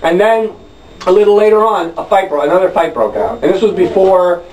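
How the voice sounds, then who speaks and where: Wry high-voiced man telling a story on stage. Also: a little fast. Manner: rambling, wry, with loud shouted chants. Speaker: spoken word performer. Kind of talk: live storytelling monologue. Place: club stage with audience. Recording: echoey room from a distant mic.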